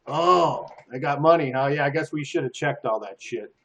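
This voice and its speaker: A man's voice: medium pitch, moderate pace, vocal fry, fairly bright tone. A man voicing a blustering, rude male prison guard in a tabletop game. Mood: matter-of-fact.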